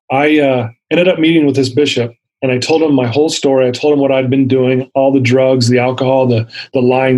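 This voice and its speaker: A man's voice: mid-range voice, darkish tone, rough recording. Man telling his story with earnest intensity. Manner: earnest, vivid retelling with acted-out quotes. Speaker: interview guest. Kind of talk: personal storytelling.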